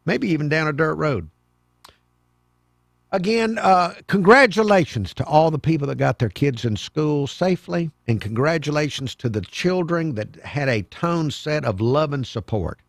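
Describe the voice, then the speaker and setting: A man's voice: fairly high pitch, gravelly, no echo, clean studio sound. An older man hosting a call-in radio talk show, with wry, sarcastic asides.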